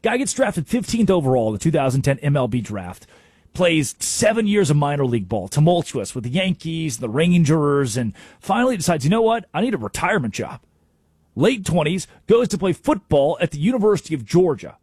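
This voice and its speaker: A man's voice: on the high side, very animated, fairly quick, darkish tone, slightly rough, no echo, studio quality. A man hosting a sports talk radio show, delivering an emphatic, opinionated monologue.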